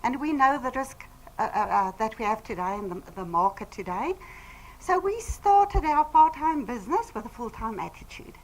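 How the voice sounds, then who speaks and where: A woman's voice: on the high side, expressive, moderate pace, slight background noise, low-quality recording. A woman giving an earnest, emphatic testimonial speech to a live audience on a handheld microphone. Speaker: business team speaker.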